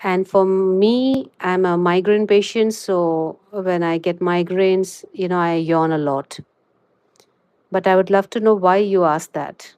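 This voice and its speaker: A woman leads a live crochet tutorial with chat, speaking in a low, steady, slightly mellow voice. She's chatty and fills silences with "you know"; the sound is dry.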